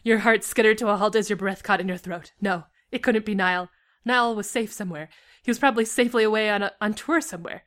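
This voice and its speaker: A woman's voice: medium pitch, fast, a bit bright. Young woman reading her own fan fiction.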